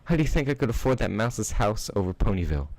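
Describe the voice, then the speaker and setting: A man's voice: lowish voice, very animated, fast talker, a little mellow, no room sound, pitched above the performer's own voice, rough recording. Rainbow Dash, a seething cruel pony boss, played by a man. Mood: furious. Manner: screaming, venomous. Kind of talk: fan-fiction reading.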